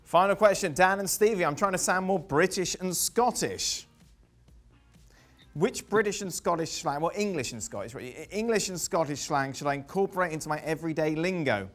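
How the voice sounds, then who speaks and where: A man's voice: on the high side, animated, moderate pace, fairly bright tone, soft background music. A male host reading out viewer questions and teasing his co-hosts in casual chat. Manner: teasing, playful. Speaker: show host.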